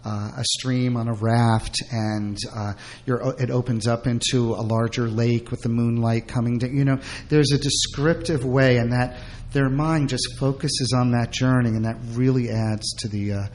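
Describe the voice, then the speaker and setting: A man's voice: medium pitch, a little mellow. Casting: middle-aged man, guest, rambling candid storyteller with lots of fillers. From Brooklyn. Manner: rambling, frequent fillers and restarts.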